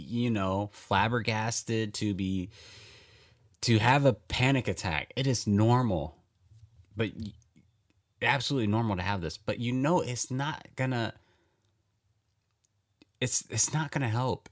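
A man's voice: mid-range voice, animated, a little slow, pauses often. A man giving casual reaction commentary to a movie, talking back to the screen, laughing often and swearing.

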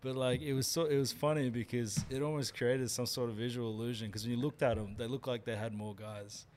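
A man's voice: mid-range voice, fairly even intonation, a little fast, a little mellow, a little hiss or hum. A man, co-hosting a podcast in casual chat and telling laid-back stories with swearing. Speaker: podcast co-host.

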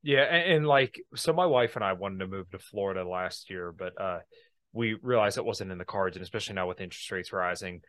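A man's voice: low voice, fairly quick, dry recording. A man hosting a podcast, chatting casually and joking in conversation. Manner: joking, relaxed chat. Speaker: podcast host.

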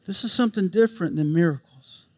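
A man preaching a sermon, swinging from hushed, gentle passages to emphatic, impassioned ones. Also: sits high, quick pace. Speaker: pastor.

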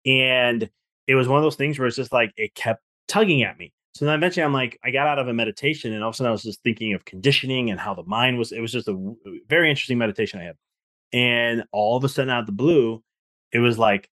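A man speaking at a fast clip as a podcast guest. He tells stories in an animated way, restarting his sentences often. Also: mid-range voice. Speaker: author and guest. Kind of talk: casual podcast conversation.

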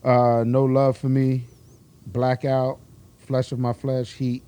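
A man's voice: medium pitch, completely flat delivery, takes it slowly, mellow. A man co-hosting a casual podcast who runs through details and track lists. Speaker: podcast co-host. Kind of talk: casual chat.

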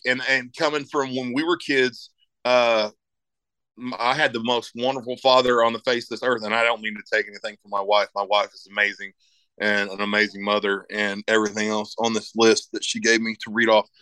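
Bright-voiced, cussing middle-aged man. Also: mid-range voice, little pitch movement, brisk, clean tone, dry recording, poor audio. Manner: heavy swearing, rambling and emphatic. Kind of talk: casual chat.

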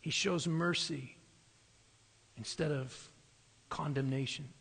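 A pastor preaching a sermon, explaining scripture in an earnest, steady way. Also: male voice, on the high side, slow, vocal fry, breathy edge. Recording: long reverb of a large hall.

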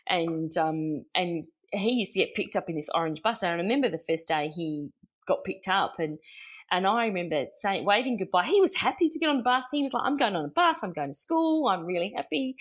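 A middle-aged Australian woman spins family stories in a loose, chatty way. She laughs as she goes, trails off into fillers and slips into little impressions of the people she quotes. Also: fairly low pitch. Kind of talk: casual anecdotal storytelling.

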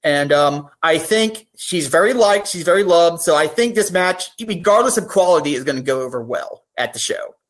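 A woman's voice: on the low side, lively intonation, moderate pace, hardly any pauses. A woman talking as a podcast guest, earnest and open, turning emotional on serious points. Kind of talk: casual podcast chat.

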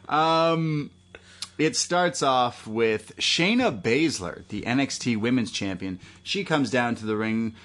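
A man's voice: medium pitch, slow pace, fairly bright tone. A man co-hosting a podcast, recapping wrestling in a rambling, joking way. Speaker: podcast co-host. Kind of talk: casual chat recapping wrestling.

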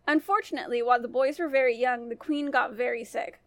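A woman storyteller narrating a fairy tale for a family-friendly podcast in a gentle manner. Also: fairly high pitch, quick pace, dry recording.

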